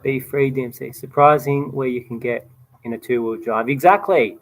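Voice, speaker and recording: An Australian man in his thirties hosting a relaxed livestream Q&A, chatting casually and reading out viewer comments. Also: mid-range voice, moderate pace, a little hiss or hum, low-quality recording. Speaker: host answering viewer questions. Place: outdoors by a campfire at night.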